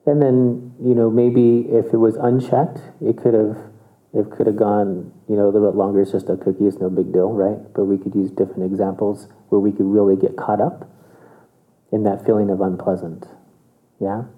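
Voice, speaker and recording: Speaking at a normal pace in a lowish, level tone, a meditation teacher delivers a relaxed dharma talk. His manner is conversational and full of chuckles, and he keeps checking in with listeners. It comes through as tinny, phone-like audio.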